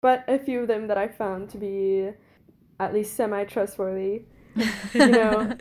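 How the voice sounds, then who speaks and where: On a podcast, this woman in her twenties tells a personal story in a chatty, casual way, dropping "like" often and laughing throughout. She speaks a little slowly at medium pitch, with a steady, somewhat dark tone.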